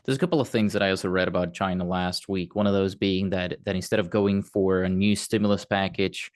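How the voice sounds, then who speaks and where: A male interview host with a low voice who brings up his own reading in a relaxed, conversational way. The recording is dry, with no room sound. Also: a little fast, no echo. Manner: conversational, apologetic.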